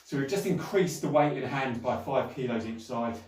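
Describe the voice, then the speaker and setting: A man's voice: mid-range voice, lively intonation, normal speed, a little mellow, a little hiss or hum. Middle-aged man, breezy and chatty, a bit winded, recorded from a distance in a roomy space. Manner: chatty, breezy, mild swearing. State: out of breath between sets. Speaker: fitness vlogger. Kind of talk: casual workout vlog. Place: home gym at dusk. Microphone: camera set up at a distance. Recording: roomy sound from a distant camera.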